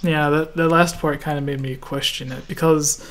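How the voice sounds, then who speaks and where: A man from Canada hosting a casual gaming podcast, relaxed and laughing often as he reads listener questions. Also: a little high, moderate pace, a little hiss or hum. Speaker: podcast host.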